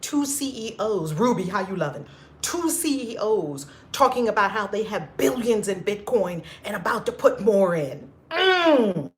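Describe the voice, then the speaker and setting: A woman with a medium-pitched, highly animated voice speaks at an unhurried pace over a faint hiss or hum. She's hosting a live stream, chatting casually and effusively with viewers, greeting them by name and laughing often.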